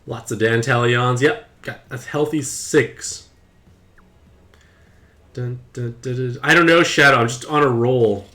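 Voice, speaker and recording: A young man chatting playfully to his viewers while streaming a mobile game, with excited outbursts. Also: medium pitch, measured pace. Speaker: gaming streamer. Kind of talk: casual game commentary to live chat.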